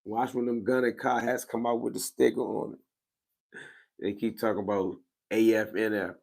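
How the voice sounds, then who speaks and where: A man's voice: fairly low pitch, flat delivery, normal speed, vocal fry, darkish tone. A man, a little tired, chatting casually on his livestream in laid-back slang and answering viewers over a microphone he wears. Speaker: livestream host. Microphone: wearing a microphone.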